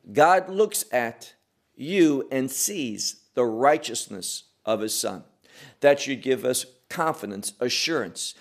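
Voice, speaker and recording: Slow, emphatic male preacher. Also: mid-range voice. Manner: slow, emphatic, rising and falling delivery. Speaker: pastor. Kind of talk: expository sermon.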